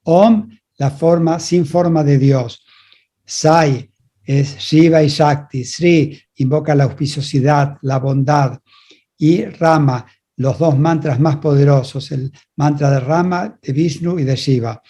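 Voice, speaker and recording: A man's voice: fairly high pitch, measured pace, mellow. A man interpreting a spiritual talk, relaying each passage in short phrases and restarting now and then.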